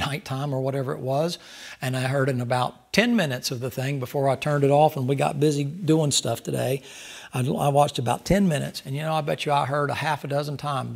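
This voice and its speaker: A man preaching a Bible study with a gravelly, fry-edged voice pitched a touch high for a man. He hammers points with rhetorical questions, rising loud and then dropping soft. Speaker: pastor.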